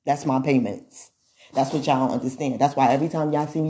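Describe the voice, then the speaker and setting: A woman addresses her viewers in a loose, animated monologue. Her voice sits low and husky with a mellow, dark tone. She laughs often and slips into mocking imitations of what other people will say. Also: fast talker. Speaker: social media influencer.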